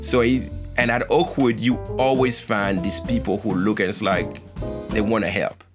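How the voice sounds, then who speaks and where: Low-voiced French-accented man in his forties. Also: fairly even intonation, normal speed. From France. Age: 40s. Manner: conversational, meandering storytelling. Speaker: interviewee. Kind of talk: documentary interview recollection. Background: guitar music.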